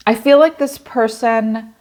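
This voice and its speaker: A woman's voice: a little high, steady tone, measured pace, a little mellow. A woman giving a tarot reading in a blunt, casual way, swearing freely and thinking aloud as she talks. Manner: conversational, thinking aloud with many "like" fillers. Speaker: tarot reader.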